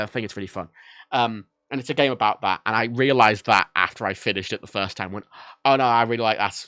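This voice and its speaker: A man's voice: medium pitch, sharp tone, no room sound, clean studio sound. A man chatting casually on a livestream about a game. He rambles, corrects himself often and swears freely.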